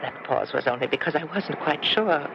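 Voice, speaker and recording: An actress playing a middle-aged former resistance fighter, now a teasing, affectionate wife, in a 1970s radio drama. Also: female voice, sits low, animated, moderate pace, vocal fry. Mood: tender. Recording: muffled old radio broadcast with hiss.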